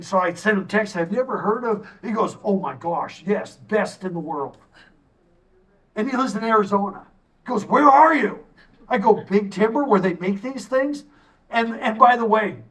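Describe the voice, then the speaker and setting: A middle-aged man speaks from a stage in a lively, story-driven way, tossing in jokey asides. His voice sits fairly high for a man. The mic is some distance from him. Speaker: tourism consultant giving a community assessment. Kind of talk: public presentation to a town audience. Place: stage in a hall.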